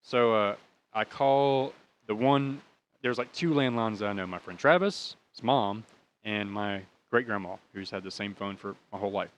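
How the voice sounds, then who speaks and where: This time the young American podcast host speaks at a moderate pace with a fairly low pitch. His personal story comes out casual and meandering, heavy on swearing and tinged with emotion.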